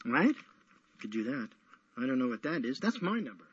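A man's voice: a little high, sing-song, a little fast, fairly bright tone, husky, no room sound. A man hosting a radio show, chatting in a playful, rambling, teasing way. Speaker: radio host. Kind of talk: casual call-in radio chat. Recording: dull lo-fi radio audio.

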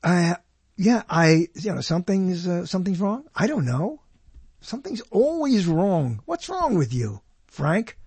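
A man's voice: sits high, very animated, measured pace, a little mellow, slightly rough, no room sound. A man hosting a radio show, rambling casually and laughing at himself as he goes.

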